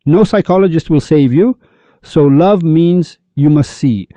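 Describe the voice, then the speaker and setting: A man giving a spiritual lecture on love, animated and full of rhetorical questions, acting out the voices of the people he quotes. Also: a little high, measured pace, no room sound. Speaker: Sufi speaker. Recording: dull lo-fi recording.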